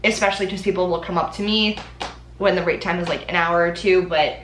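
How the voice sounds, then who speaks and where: Bright, chatty young woman in an echoey room. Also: fairly low pitch, fairly quick, slight background noise. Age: young adult. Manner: chatty, animated, with frequent ums and likes. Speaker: Disney College Program vlogger. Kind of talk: casual chat.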